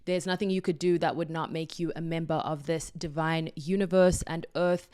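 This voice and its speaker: A woman's voice: low-pitched, fairly even intonation, normal speed, darkish tone, clear, resonant tone. A woman hosting her own podcast, talking solo in an effusive, affirming and playful way. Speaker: podcast host.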